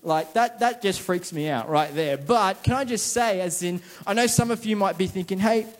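High-voiced chatty man preaching. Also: moderate pace. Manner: chatty, self-mocking, quizzes the crowd. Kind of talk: casual sermon with jokes. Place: church service before a congregation.

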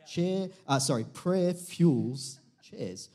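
A man leads a church sermon with a slightly high-pitched voice. He talks to the congregation casually, cracking jokes and often breaking off and restarting his sentences. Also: expressive, very slow, darkish tone. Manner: chatty, jokey, self-interrupting preaching. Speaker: pastor.

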